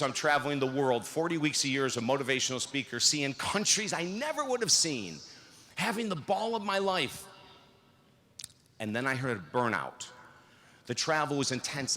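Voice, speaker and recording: Man giving a motivational speech. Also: mid-range voice. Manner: storytelling, dramatic swings from upbeat to hushed. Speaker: commencement speaker. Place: large hall.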